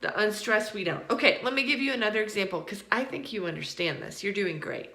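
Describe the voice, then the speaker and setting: Lively, bright-voiced woman teaching pronunciation. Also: mid-range voice, echoey room. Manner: encouraging, repeats words slowly to model them. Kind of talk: online lesson.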